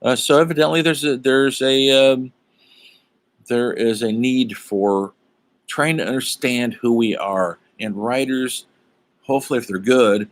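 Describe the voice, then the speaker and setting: This middle-aged instructor's mid-range voice moves unhurriedly through an online college humanities class. The lecture is casual and rambling, with plenty of filler words, asides, and side stories.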